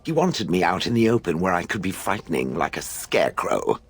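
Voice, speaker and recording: A man's voice: low-pitched, sing-song, brisk, creaky, husky, exaggerated voice. A man voicing a sardonic, disdainful ancient stone golem in video game dialogue, speaking in a dry, mocking, condescending way.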